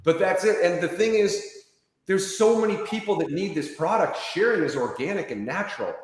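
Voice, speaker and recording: A man giving an interview, telling a fast, lively sales story and acting out the people he quotes. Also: sits high. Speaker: interview guest. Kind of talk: enthusiastic sales pitch in an interview. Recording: very echoey room with long reverb.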